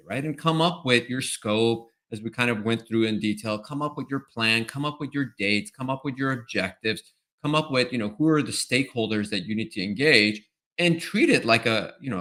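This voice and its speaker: A man's voice: mid-range voice, animated, brisk, pushed and bright. A man answering as an expert guest in a webinar interview, explaining step by step and often checking in with "right?". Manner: explanatory, tags points with "right?".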